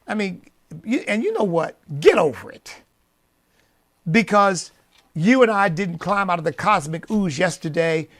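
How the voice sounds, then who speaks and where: A man running a radio show offers a preacherly opinion monologue, going from low asides to loud, emphatic peaks. His intonation is lively and his pace a little slow.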